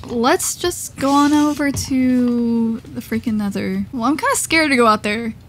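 Casting note: young-sounding woman with a high voice, giggly and jumpy, casual let's-play chatter. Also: unhurried, slight background noise. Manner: giggly, easily startled, thinks aloud. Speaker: gamer.

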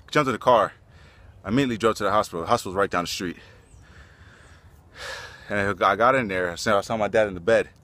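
A man's voice: on the low side, fairly bright tone. A man out of breath, talking casually to the camera outdoors in a park, rambling and earnest with frequent restarts. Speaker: vlogger. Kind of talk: casual vlog talk.

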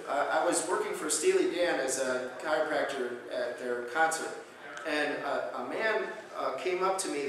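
A man's voice: fairly high pitch, slight background noise. A man, a chiropractor, giving a conference lecture, telling a patient story and acting out the voices in it. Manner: animated storyteller, acts out patient quotes loudly. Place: conference hall. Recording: echoey hall, distant mic.

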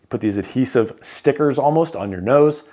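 A man's voice: medium pitch, expressive, normal speed, warm tone. A man casually running through sleep equipment picks, chatty with joking asides. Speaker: CPAP equipment reviewer. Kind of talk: casual product rundown.

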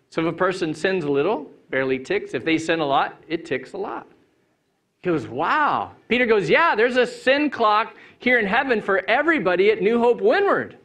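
A middle-aged man preaching an Easter sermon as pastor in a church, relaxed and playful, with big swings in pitch and loudness. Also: normal speed. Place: church sanctuary. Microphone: handheld mic.

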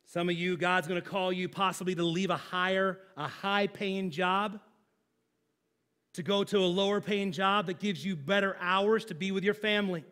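A man's voice: sits high, fairly even intonation, moderate pace, fairly bright tone, smooth. A man, a pastor, preaching a sermon in a conversational, emphatic way with everyday examples.

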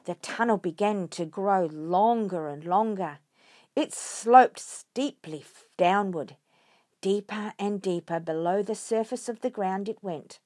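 A woman reading a children's storybook aloud, expressive and lively. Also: medium pitch, unhurried, no room sound, studio quality.

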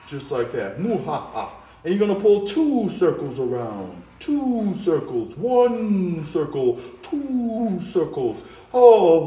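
High-voiced, hyped man teaching drawing. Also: dark tone. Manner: playful and hyped, calls out to kids, adds sound effects. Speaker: art teacher. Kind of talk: energetic drawing lesson for kids. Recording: echoey room.

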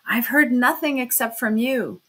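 Stern young guy, clipped and sharp, read by a woman. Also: fairly high pitch, a little slow, voice pushed up. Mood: curt. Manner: curt, sharp.

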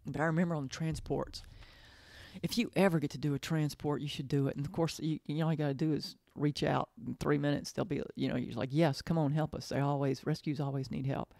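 A woman's voice: low-pitched, steady tone, creaky, darkish tone, dry recording, clean studio sound. A woman talking in a casual monologue, earnest and emotional, often repeating herself and restarting her sentences. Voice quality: halting, repeats phrases, trails off and restarts. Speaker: podcast host.

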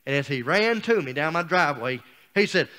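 A man's voice: fairly high pitch, expressive, a little fast, sharp tone, clean tone. A man speaking as a guest preacher, telling a personal story in a folksy, down-home sermon style.

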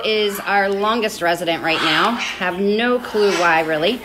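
On a live stream from an indoor bird rescue room, a woman holds her phone while caring for parrots, speaking in an unhurried flow with few pauses. She talks to the birds in a high, sing-song baby voice between explanations to viewers, amid loud squawking and chatter from the parrots.

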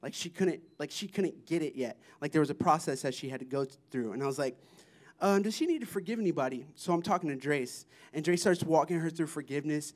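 A man with a notably high voice shares testimonies from a mission trip before a church. He tells the stories with excited, animated energy, often breaking into laughter. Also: fast. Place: church service.

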